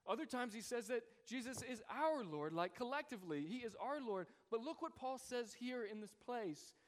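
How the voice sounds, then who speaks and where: A man's voice: very high voice, big pitch swings, moderate pace. A man preaching a sermon to a congregation, a pastor telling a story in an earnest, heartfelt way. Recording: long reverb of a large hall.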